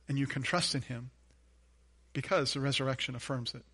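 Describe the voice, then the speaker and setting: A male pastor preaching a sermon, telling a personal story earnestly, repeating phrases for emphasis and dropping to a hushed tone on key points. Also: medium pitch, a little fast, long pauses, breathy edge.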